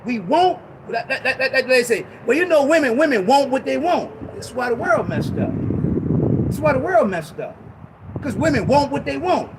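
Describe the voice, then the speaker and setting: A man preaching an informal Bible teaching sermon, emphatic and slangy, repeating himself and breaking into shouted bursts. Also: very high-pitched, big pitch swings, moderate pace, background noise.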